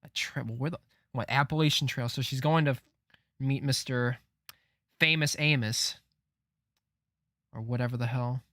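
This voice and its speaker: A man reading a comic aloud on a live stream, reacting with disbelief and frequent swearing as he thinks out loud. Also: mid-range voice, fairly even intonation, unhurried, pauses often, no echo, clean studio sound.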